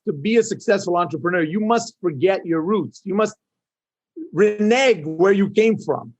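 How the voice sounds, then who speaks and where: A middle-aged man from Canada, an entrepreneur guest in an interview, talking emphatically and often seeking agreement. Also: sits high. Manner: emphatic, animated, seeks agreement with "right?". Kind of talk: interview conversation.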